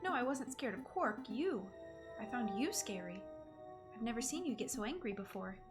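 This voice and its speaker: A woman's voice: fairly high pitch, sing-song, normal speed, over music. A woman reading the lines of a nervous, rambling male sidekick bird from a game on a livestream. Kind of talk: game dialogue read on stream.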